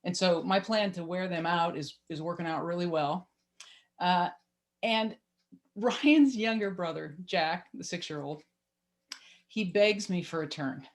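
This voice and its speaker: A woman in her thirties telling a personal story to an audience, lively, wry and self-mocking, heard over a video call. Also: lowish voice, a little slow.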